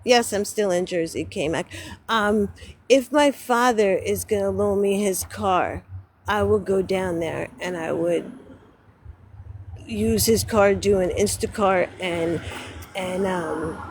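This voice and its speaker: A woman's voice: medium pitch, takes it slowly, slight background noise. A woman livestreaming casual chat from outdoors near a road, rambling and correcting herself, close to tears with frustration.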